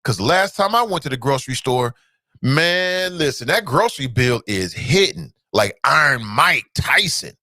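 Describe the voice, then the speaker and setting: A man hosting a talk show, with a Cincinnati accent. He rants in a bright, forceful voice that swings widely in pitch, firing the same rhetorical question again and again. The sound is dry and close. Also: unhurried, no room sound. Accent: Cincinnati, Ohio. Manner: animated, repeats rhetorical questions, jumps to high exclamations. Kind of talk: fired-up solo commentary.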